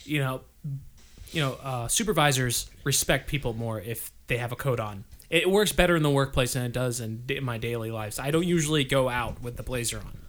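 A man's voice: medium pitch, fairly quick, fairly bright tone. A man chatting casually on a podcast, rambling and stammering as he tells a story, laughing often. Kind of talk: casual chat.

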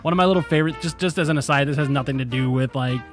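A man's voice: on the high side, very fast, over music. A man co-hosting a podcast in casual chat, rambling and laughing as he retells scenes. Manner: rambling, laughs often, acts out voices. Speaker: podcast co-host.

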